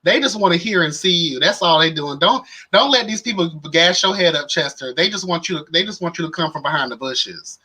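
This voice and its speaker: A man's voice: fairly high pitch, animated, fairly quick, hardly any pauses, pushed and bright, breathy edge. A man hosting a casual livestream and chatting with viewers in a sassy, playful way. He sounds tired. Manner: sassy and playful, calls viewers "child" and "honey". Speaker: livestream host.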